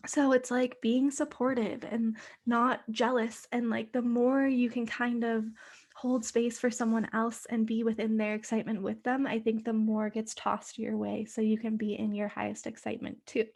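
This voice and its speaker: Chatty woman with a gravelly edge. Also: on the high side, flat delivery, normal speed. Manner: chatty, many fillers, frequent swearing; sometimes drops to a soft whisper. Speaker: podcast host. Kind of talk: casual solo podcast monologue.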